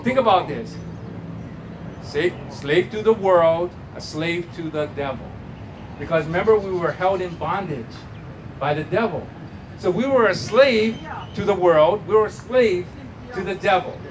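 A man's voice: sits high, unhurried, noisy background. A man preaching as pastor at a church service, emphatic, drawing answers from the congregation. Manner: emphatic preaching with call-and-response. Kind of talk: sermon.

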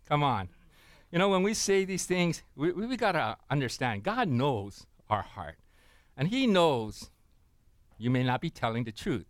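Lively storytelling preacher man. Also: a little high, measured pace, dry recording. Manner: storytelling preacher, asks the crowd "right?" and "amen?". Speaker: pastor. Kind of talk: sermon.

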